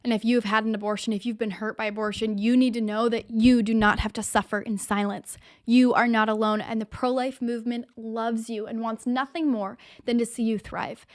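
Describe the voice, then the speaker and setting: A woman's voice: fairly high pitch, little pitch movement, brisk, hardly any pauses. A woman hosting her own show, delivering impassioned, emphatic opinion commentary straight to the viewer. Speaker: show host.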